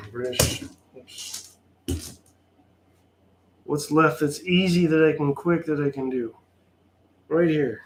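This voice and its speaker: A man talks through his solo tabletop wargame at a slow, drawn-out pace, his tone dry and sarcastic. He sounds mildly exasperated as he calls out each turn. Faint noise sits underneath his voice. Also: fairly high pitch. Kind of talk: casual play-by-play of a tabletop game.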